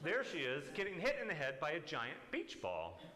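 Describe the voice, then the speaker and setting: A man reads a picture book aloud to children during a church service, his voice animated and bright. His pitch sits a little high and rises and falls widely. The sound rings with a roomy church echo. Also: moderate pace. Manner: warm, animated storytelling to children. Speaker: worship leader reading a children's story. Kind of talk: children's story reading. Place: church sanctuary.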